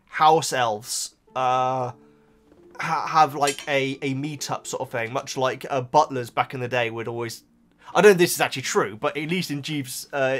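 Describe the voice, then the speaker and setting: A man's voice: medium pitch, a bit bright. A young man with a slight Bristolian accent, talking casually and at length to his viewers, often breaking into laughter. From Oxfordshire, England. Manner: chatty, rambling, often laughing, addresses the viewers as guys. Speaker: book vlogger. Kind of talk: casual chat.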